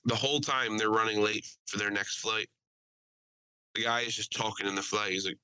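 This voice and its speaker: A man hosting a podcast, telling a story in casual, crude and animated chat. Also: fairly low pitch, moderate pace, smooth, no echo, low-quality recording. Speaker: podcast host.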